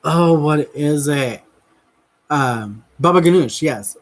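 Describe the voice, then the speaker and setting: A man's voice: a little high, slow pace, low-quality recording. A man telling a rambling, giggly story to his viewers in a casual vlog, with lots of fillers and restarts. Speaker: vlogger. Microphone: camera mic while crafting.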